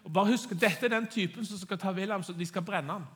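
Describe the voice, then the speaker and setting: Brief: quick male sermon interpreter, restarts, high voice. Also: a bit bright.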